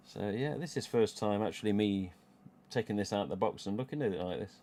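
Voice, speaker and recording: A middle-aged man with a Midlands accent hosts a relaxed live stream, rambling from one thought to the next. His voice sits a little low, and he swears casually and chuckles to himself as he talks. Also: moderate pace, a little hiss or hum. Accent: English Midlands. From England. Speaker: livestream host.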